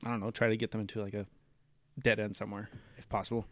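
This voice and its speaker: A man's voice: fairly low pitch, flat delivery, fast talker, no room sound. A man playing a vampire character in a tabletop horror game, talking eagerly. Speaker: player voicing vampire character. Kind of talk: tabletop role-play.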